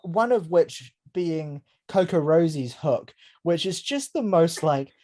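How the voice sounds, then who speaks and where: Co-host for a casual album review chat, mid-pitched voice, emphatic, rambling, swears freely. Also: lively intonation, takes it slowly, darkish tone. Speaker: podcast co-host.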